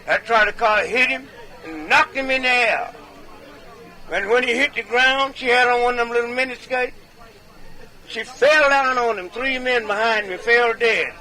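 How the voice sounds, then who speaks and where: Man, very high voice, bright and forceful, folksy tall-tale comedian, drawling, chuckling storyteller. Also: poor audio. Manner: folksy drawling yarn-spinner, chuckles between punchlines. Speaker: medicine show comedian.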